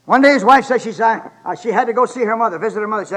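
A man in his seventies preaching a sermon in a folksy, joking way, telling stories and building up to loud exhortation. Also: high voice, racing, low-quality recording. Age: 70s.

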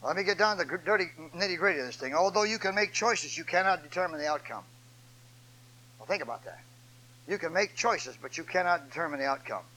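An older man preaching a sermon, moving from loud, shouted, repeated declarations to low, folksy storytelling in a homespun delivery. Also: expressive, quick pace, rough recording.

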